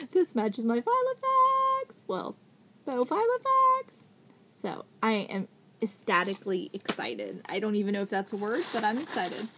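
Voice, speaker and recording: A woman in her thirties gushing with excitement as she unboxes craft supplies in a casual vlog, thanking the sender again and again. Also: fairly high pitch, slight background noise. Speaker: vlogger unboxing craft mail.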